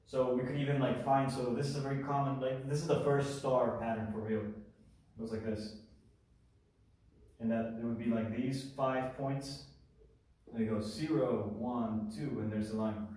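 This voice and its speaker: A man talks through a geometry lesson in an informal, thinking-aloud style. His voice is dark and mellow. He sits back from the mic in a very echoey room. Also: medium pitch, fairly even intonation, moderate pace, distant mic. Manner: thinking aloud, self-correcting, informal asides. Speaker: math video teacher. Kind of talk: casual whiteboard explanation.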